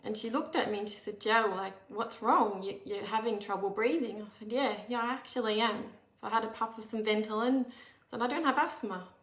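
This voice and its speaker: A woman's voice: on the high side, a little fast, fairly bright tone. A woman, earnestly telling a personal story in a candid, conversational way, with frequent restarts. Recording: echoey room.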